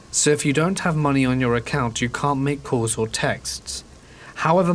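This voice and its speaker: A man reading a true horror story aloud in a calm, measured storytelling manner. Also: mid-range voice, slight background noise. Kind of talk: scripted narration. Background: faint rain.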